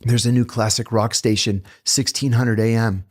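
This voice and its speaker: A man's voice: mid-range voice, little pitch movement, normal speed, lightly acted. A man voicing a fawning male prison inmate who speaks in a friendly, slightly hesitant way as he tries to please. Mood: eager.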